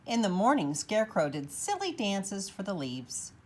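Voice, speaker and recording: Woman, children's book read-aloud, expressive, animated pitch. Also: moderate pace.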